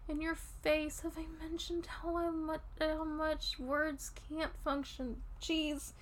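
A woman playing a tipsy, affectionate young girlfriend in an audio role-play, talking softly and intimately and drifting off topic. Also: sits high, little pitch movement, takes it slowly, a little hiss or hum. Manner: rambling, giggly, soft and intimate. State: drunk.

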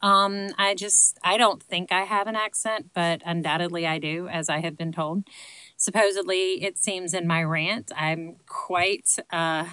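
A woman's voice: lowish voice, steady tone, a little slow, pushed and bright, clean tone, no echo, poor audio. A woman in her late thirties with a Southern accent, chatting casually to camera and answering questions in a rambling, self-deprecating way full of ums. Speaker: vlogger answering viewer questions. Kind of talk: casual chat.

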